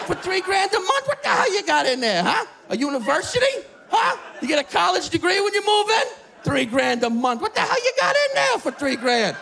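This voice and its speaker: A man voicing a loud, outraged old-school New retiree, ranting in disbelief. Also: extremely high pitch, vocal fry, voice pushed up, full character voice. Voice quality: shouting, incredulous ranting.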